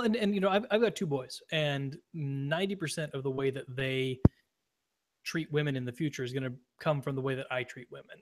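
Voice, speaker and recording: A man's voice: mid-range voice, no room sound. A man with a mid-range voice speaking earnestly in a casual podcast chat. He restarts his phrases as he thinks, and the sound is dry and close. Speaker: podcast co-host.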